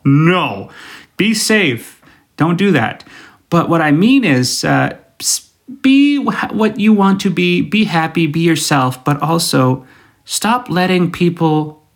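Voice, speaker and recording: A man hosting his own podcast alone, talking casually in a rambling, self-deprecating way, with many fillers and restarts. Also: a little high. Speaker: podcast host. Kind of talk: casual solo podcast monologue.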